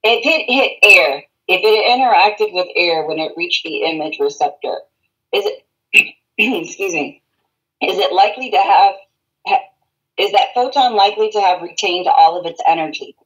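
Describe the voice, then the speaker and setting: A woman's voice: mid-range voice, expressive, moderate pace, a bit bright, breathy edge, poor audio. A woman teaching a radiology class, repeating key terms and checking in with students. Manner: repeats key words and checks understanding with questions. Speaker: radiology instructor. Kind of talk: classroom lecture.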